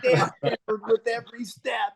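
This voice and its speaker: A man's voice: very high voice, flat delivery, measured pace, crowd noise. A man, a guest musician, joking casually with crude humor about a hot walk on tour. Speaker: band member guest.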